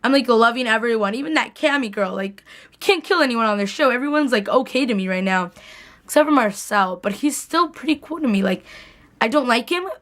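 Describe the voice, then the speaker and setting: A woman's voice: on the high side, lively intonation, brisk, fairly bright tone. A young woman recapping a TV episode in a casual vlog, gushing like a fan and saying "like" often. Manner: gushing fangirl chatter, lots of "like". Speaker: TV recap vlogger.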